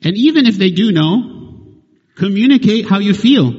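Man, sermon, emphatic, rhetorical questions, slightly high voice, dull muffled recording. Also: lively intonation, normal speed, a little mellow, breathy edge, in a large hall. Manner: emphatic, asks rhetorical questions and tags "right?". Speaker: preacher.

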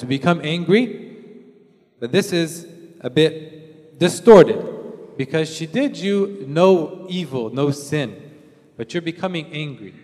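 A man's voice: a little high, darkish tone. A man preaching a conversational sermon, acting out everyday scenes in quoted voices. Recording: long hall reverb.

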